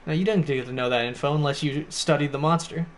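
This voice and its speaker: A man's voice: a little high, fast talker, slight background noise. A man acting as game master, casually narrating a tabletop game and laughing often as he checks rules. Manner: laid-back, laughs often, rule checks mid-sentence.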